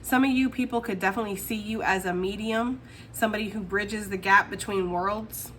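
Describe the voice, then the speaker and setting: Bright-voiced chatty woman tarot reader. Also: mid-range voice, slight background noise. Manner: chatty, laughs often, talks straight to the viewer. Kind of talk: casual tarot reading to camera.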